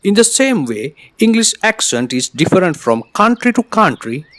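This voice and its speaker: A man whose first language is Spanish, narrating an English lesson in a lively explanatory tone. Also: high voice, moderate pace, no echo. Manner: lively explanatory tone, slightly non-standard grammar. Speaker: English teacher. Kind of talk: scripted narration.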